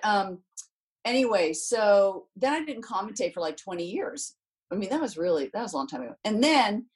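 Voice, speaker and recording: Animated woman telling stories. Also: medium pitch, rough recording. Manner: animated storytelling, acts out quotes in other voices. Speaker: guest, former tennis champion and commentator. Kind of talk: casual interview talk.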